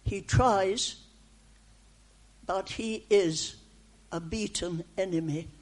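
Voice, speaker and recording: A woman giving a prophetic message in the first person as God, in slow, deliberate, reassuring short phrases that she often repeats. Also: mid-range voice. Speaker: speaker delivering a prophetic message.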